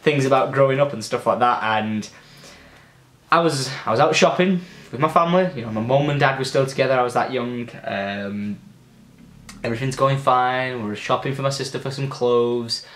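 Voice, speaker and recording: A young man rambles through childhood stories as a gaming vlogger, loose and chatty with plenty of swearing. His voice sits at an ordinary middle pitch. The room echoes noticeably around him. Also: moderate pace, fairly bright tone. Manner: chatty, loose, swears freely, many fillers. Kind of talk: casual storytelling.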